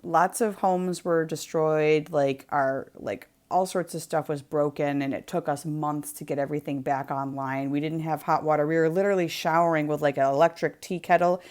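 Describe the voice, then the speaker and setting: A woman's voice: deep voice, fairly even intonation, moderate pace, few pauses, darkish tone. A woman from New England hosting a craft livestream from her home, telling a story in a rambling, chatty way full of ums and likes. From New England, USA. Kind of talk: casual chat storytelling. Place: home, near the kitchen.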